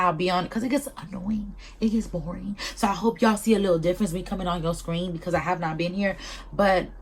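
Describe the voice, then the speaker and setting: A young woman from Southern California hosting her own podcast in casual, blunt talk full of swearing and slang, with a Southern California accent. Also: fairly low pitch. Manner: blunt, profane and unfiltered. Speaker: podcast host. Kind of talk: casual solo podcast chat.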